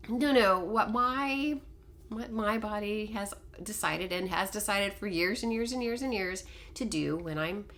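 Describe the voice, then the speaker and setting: A middle-aged woman telling a personal story to camera in a casual, animated, self-deprecating way. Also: mid-range voice, slight background noise. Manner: animated, self-deprecating, quotes others in dialogue. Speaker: vlogger telling a life story.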